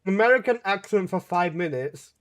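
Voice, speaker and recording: A young male game streamer with a noticeably high voice. He chats casually with his viewers, reading their messages aloud and answering with swearing and laughter. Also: expressive, normal speed, a bit bright. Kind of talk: casual live-stream chat.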